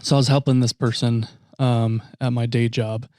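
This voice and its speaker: A man's voice: mid-range voice, flat delivery, normal speed, darkish tone, no echo. A man co-hosting a podcast, chatting casually, swearing a lot and mimicking the people in his stories. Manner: profane, exasperated, mimics people. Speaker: podcast co-host. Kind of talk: casual chat.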